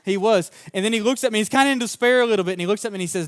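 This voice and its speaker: Male pastor, slightly high voice, sermon with homespun storytelling. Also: rapid-fire, clear, resonant tone. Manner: fervent at the open, then relaxed anecdotal storytelling.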